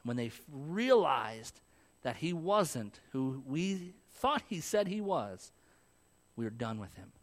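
A man's voice: mid-range voice, sing-song, takes it slowly. A young adult male pastor giving a sermon, talking conversationally and asking the congregation questions.

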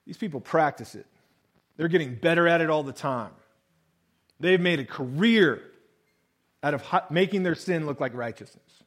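High-voiced man preaching conversationally. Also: animated, normal speed, pauses often, rough recording. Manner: conversational preaching, reads scripture then explains with acted-out voices. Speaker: pastor. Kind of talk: sermon.

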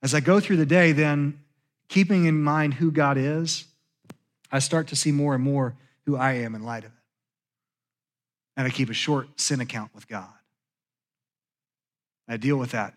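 A man with a high voice preaches a sermon in a church. He talks in a conversational way and sinks to a hushed tone when he voices confessions. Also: brisk, pauses often. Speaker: pastor. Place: church sanctuary.

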